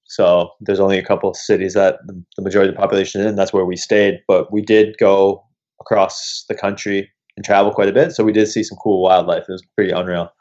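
A young man, a podcast guest, telling animated travel stories in casual chat and swearing freely. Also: deep voice, quick pace. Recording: dull lo-fi recording.

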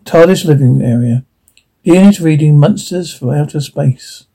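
A man's voice: a little high, a little slow, gravelly, dark tone, husky. A man reading a script aloud, stage directions included, in a plain, unpolished way with stumbles.

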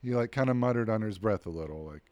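A man's voice: mid-range voice, steady tone, very fast, darkish tone, no room sound. A man co-hosting a podcast, chatting casually and telling old work stories with lots of fillers and frequent laughter. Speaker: podcast co-host. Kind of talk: casual chat.

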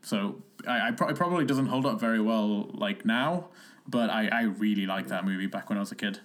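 A man's voice: fairly low pitch, a little fast, a bit bright. Rambling young man podcasting. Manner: rambling, laughs often, many fillers. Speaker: podcast co-host. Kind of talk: casual chat.

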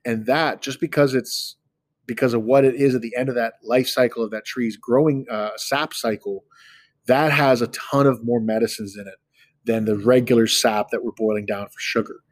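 Male podcast host in his thirties, casual storyteller with a chatty, joking manner; mid-pitched voice, dry close sound. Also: normal speed, dry recording. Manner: relaxed, chatty, self-deprecating.

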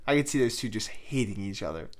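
Lively joking male podcast host. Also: on the low side, quick pace. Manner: animated, joking, grades comments with scores. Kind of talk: casual chat.

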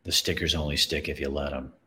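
A man's voice: rumbling low, level tone, fast talker, bright, forceful tone, a little hiss or hum. A middle-aged man, host of his own show, telling a personal story in an earnest, emotional way and often repeating words.

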